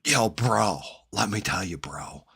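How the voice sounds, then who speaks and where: A man imitating a lazy stoner bro faking hippie cool, with a slow drawling New Jersey accent. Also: on the low side, lively intonation, creaky, a bit bright, slightly rough, full character voice. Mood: mocking drawl.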